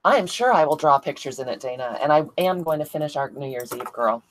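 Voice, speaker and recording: Low-voiced chatty woman crafting live. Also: lively intonation, fast talker, a little hiss or hum, low-quality recording. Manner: chatty, laughs often, answers viewers by name. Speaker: crafting livestream host. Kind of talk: casual livestream chat reading viewer comments.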